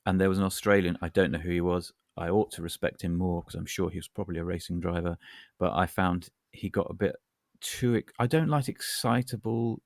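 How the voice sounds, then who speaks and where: A man's voice: low-pitched, a little fast, vocal fry, no echo, clean studio sound. A man co-hosting a podcast, telling rambling, wry anecdotes with plenty of asides. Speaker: podcast co-host. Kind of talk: casual chat.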